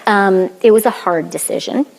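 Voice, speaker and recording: A Canadian woman in her fifties giving a public lecture, earnest and measured, pausing often with fillers. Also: medium pitch, gravelly. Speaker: guest lecturer. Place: lecture hall.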